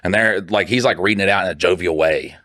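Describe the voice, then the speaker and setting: A man co-hosting a podcast, telling a story in casual chat, animated and swearing freely, acting out what other people said. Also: sits low, quick pace, no echo, studio quality. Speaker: podcast co-host.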